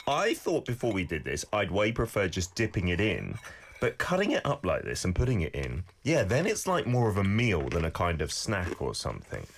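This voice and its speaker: A man's voice: sits low, huge pitch swings, moderate pace, a little hiss or hum. A man co-hosting a casual food-tasting chat, enthusiastic and chatty as he eats. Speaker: co-host.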